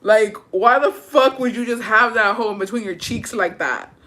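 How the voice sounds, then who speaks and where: Bright-voiced, foul-mouthed woman chatting. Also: on the high side, normal speed. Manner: crude, profane, laughing storytelling; mixes Spanish words into English. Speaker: content creator reading viewer stories. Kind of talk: casual chat.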